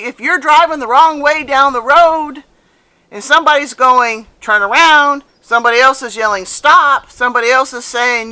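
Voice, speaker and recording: A woman in her fifties speaks straight to her viewers in a bright, forward voice. She tells her story casually and earnestly, and she leans on repeated phrases to drive her points home. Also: on the high side. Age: 50s. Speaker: vlogger. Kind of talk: casual personal storytelling to camera.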